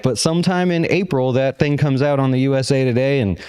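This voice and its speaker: A man's voice: medium pitch, fairly even intonation, moderate pace, darkish tone, smooth. A man hosting a daily stock market show, out of breath, talking in a loose, joking way with lots of filler words. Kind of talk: casual chat.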